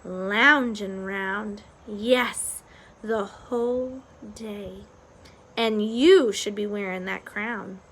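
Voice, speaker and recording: A woman reading aloud and voicing a dim-witted, hard-of-hearing young servant girl with rough speech and dropped g's. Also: medium pitch, drawn-out words, a bit bright, pitched below the performer's own voice, full character voice. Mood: blunt.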